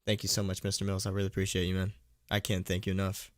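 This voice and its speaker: A man with a low voice reads a horror story live from home, talking fast in a completely flat delivery on a dry, studio-quality recording. Self-mocking, he laughs when he trips over words and thanks donors between passages in chatty asides.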